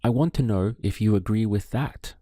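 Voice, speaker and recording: A male teacher guides learners through a language lesson in an unhurried, deliberate way. His voice sits low and dark, and he leaves pauses for the listener to answer. The sound is dry and close. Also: dry recording. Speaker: Spanish teacher. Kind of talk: slow spoken language lesson.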